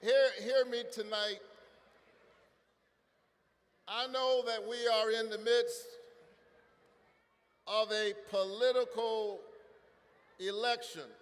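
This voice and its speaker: A man who is a pastor giving a rally speech, with a preaching cadence that builds to shouted calls to the crowd. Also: sits high, steady tone, slow pace, long pauses. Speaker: pastor speaking at a political rally. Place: large rally venue. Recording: reverberant venue with crowd noise. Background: cheering crowd.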